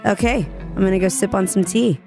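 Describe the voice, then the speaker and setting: A woman DJ hosting her podcast while sick, her voice hoarse and raspy, chatting playfully and joking about herself. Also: medium pitch, fairly even intonation, brisk, darkish tone, soft background music. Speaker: radio DJ and podcast host. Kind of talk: casual solo podcast chat.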